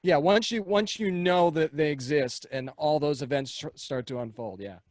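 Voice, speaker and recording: A man's voice: a little high, normal speed, darkish tone, dry recording. A male podcast host interviewing two actors in a casual, playful, teasing way.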